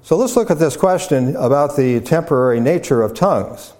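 Man preaching in measured teaching tone. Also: on the high side, expressive, darkish tone. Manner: measured, with repetitions and fillers. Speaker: pastor. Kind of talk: sermon lecture.

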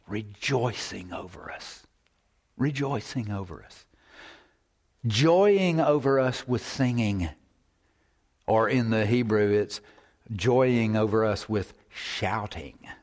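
A man preaching a sermon, repeating phrases for emphasis and at times dropping to a whisper. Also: on the low side.

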